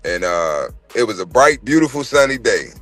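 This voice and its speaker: Brief: man, casual livestream co-host, bright forceful voice, animated profane storyteller. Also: on the low side, moderate pace, no echo, soft background music. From North Carolina. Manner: animated, profane, acts out quoted voices loudly. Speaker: podcast co-host. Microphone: livestream mic.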